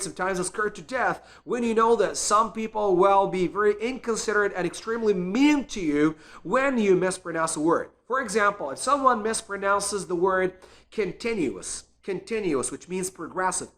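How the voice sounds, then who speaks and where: A man's voice: high-pitched, fairly bright tone. A man and English teacher giving an earnest, encouraging spoken lesson, repeating words to show pronunciation.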